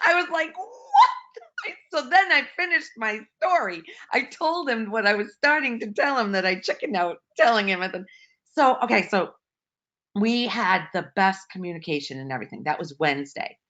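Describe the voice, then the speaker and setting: A woman's voice: medium pitch, expressive, moderate pace, sharp tone, dull audio. A woman casually retelling a personal story, emotional and full of restarts, on an online call. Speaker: participant sharing a story.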